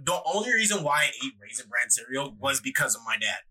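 A man's voice: mid-range voice, big pitch swings, quick pace, sharp tone. A young man co-hosting a podcast, talking in a laid-back, joking way with casual swearing. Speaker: podcast co-host. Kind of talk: casual chat.

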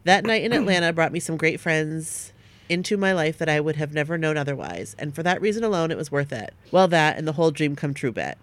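A woman co-hosting a podcast, reading listener stories aloud at a steady pace and breaking off now and then to chat with her co-host. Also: sits low, brisk.

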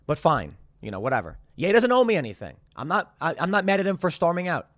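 Male podcast host in his thirties, higher voice, close dry sound, rambling with restarts. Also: very animated, fast, dry recording. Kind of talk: casual commentary.

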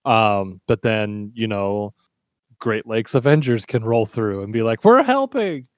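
A man co-hosting a casual podcast chat, animated and acting out little quotes. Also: on the low side, a little slow, no echo, studio quality. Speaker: podcast co-host.

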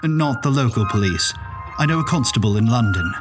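A man voicing a soft-spoken, courteous keeper of a dream lodge with a grand way of talking. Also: mid-range voice, animated, brisk, over loud music, natural voice. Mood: grave.

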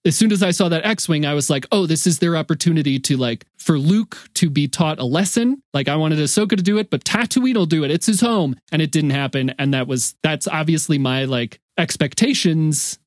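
A man's voice: fairly high pitch, fairly quick, hardly any pauses, no room sound, studio quality. A man co-hosting a podcast, talking in a casual, rambling way and often correcting and hedging himself. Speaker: podcast co-host. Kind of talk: casual chat.

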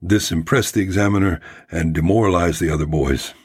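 Man playing a vain, witty Victorian writer: deep, breathy voice, arrogant and theatrical, no accent. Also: brisk, a little mellow. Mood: arrogant, amused. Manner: delightful, arrogant, theatrical air.

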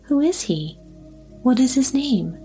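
A woman's voice: high voice, expressive, slow, breathy edge, soft background music, voice pushed up, full character voice. A woman voicing a kindly, fretful old grandmother in a storybook reading. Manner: fussing, soft-hearted.

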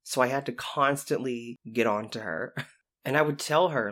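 A man telling lively stories about his time as a youth intervention specialist, acting out the voices of the people in them. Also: mid-range voice, normal speed. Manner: animated, acts out quoted voices. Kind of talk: storytelling anecdote.

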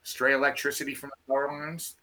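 A man telling a field story in a casual, animated way, restarting his sentences often. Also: medium pitch, a little fast. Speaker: field researcher guest.

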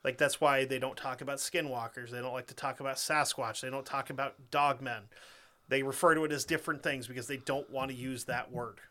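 A man's voice: medium pitch, steady tone, sharp tone. A young man co-hosting a podcast, cursing freely, ranting and laughing, then reading a story aloud. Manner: profane, rants fast and laughs a lot. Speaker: podcast co-host.

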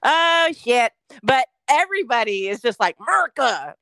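A woman's voice: fairly high pitch, big pitch swings, unhurried, sharp tone, no echo, rough recording. Dry-sounding woman, laid-back and profane. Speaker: podcast co-host. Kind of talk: casual chat.

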